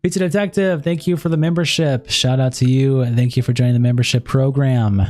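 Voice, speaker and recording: A man's voice: mid-range voice, fairly even intonation, fairly quick, a little mellow. A man hosting a live stream, reading messages aloud and thanking donors. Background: faint background music.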